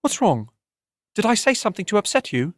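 A male narrator voicing a gentle, hopeful young woman who speaks softly and thoughtfully. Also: high voice, sing-song, fairly quick, no room sound, studio quality, voice pushed up. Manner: soft, thoughtful and consoling.

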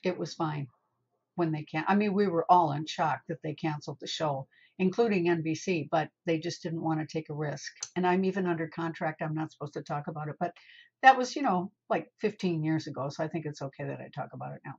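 An older woman, a spiritual healer, telling a story in an interview in an animated way and calling the host honey. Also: sits low, fairly quick, breathy edge, dull audio.

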